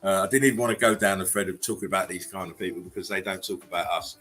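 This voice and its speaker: A man hosting a casual livestream chat, relaxed and rambling as he greets viewers and laughs between remarks. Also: low voice, racing. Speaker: livestream host.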